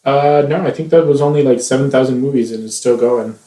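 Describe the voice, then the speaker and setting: A man in his thirties trades sarcastic, teasing remarks in casual podcast chat, cursing freely. His pitch is an ordinary middle. The room adds a clear echo around him. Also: fairly quick, dark tone, recorded from a distance. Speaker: podcast co-host. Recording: roomy echo.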